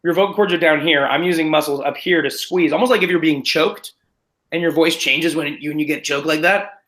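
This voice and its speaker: Animated self-mocking actor. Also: male voice, a little high, brisk, low-quality recording. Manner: animated, self-deprecating, rambling with restarts. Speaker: stage actor, guest. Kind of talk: casual interview chat.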